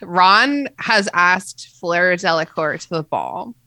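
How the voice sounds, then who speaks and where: A woman co-hosting a podcast, chatting through a book chapter with lots of giggles and "like"s. Her voice is bright and forceful. The recording is dry and close. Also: fairly low pitch, slow, no room sound. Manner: giggly, animated, summarizing with many "like"s. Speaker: podcast co-host. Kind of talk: casual chat recapping a book.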